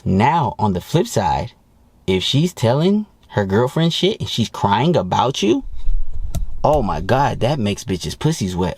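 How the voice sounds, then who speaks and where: A man's voice: fairly low pitch, big pitch swings, measured pace, a little mellow, husky, no echo. A man giving dating advice in a blunt, profane, mocking rant. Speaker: dating coach. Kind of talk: ranting advice monologue.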